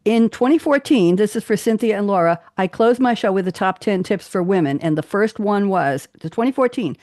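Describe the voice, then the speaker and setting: A woman's voice: medium pitch, lively intonation, brisk, darkish tone, no echo, clean studio sound. A woman radio host from Queens with a New York accent, telling jokey stories on a live talk show. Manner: chatty, jokey storyteller.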